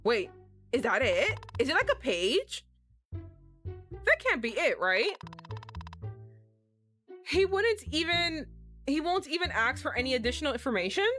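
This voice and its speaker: Lively young woman streamer, laughing. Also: sits high, measured pace, long pauses, soft background music. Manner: excitable, laughs often, self-mocking. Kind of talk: game playthrough, reading and reacting.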